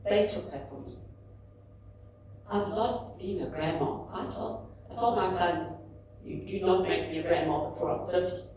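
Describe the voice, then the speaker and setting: A woman in her fifties giving a candid, animated talk at a book launch, telling personal stories to an audience. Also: fairly low pitch, moderate pace, slight background noise. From South Africa. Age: 50s. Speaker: author and speaker. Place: large indoor event room. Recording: echoey hall, mic at a distance.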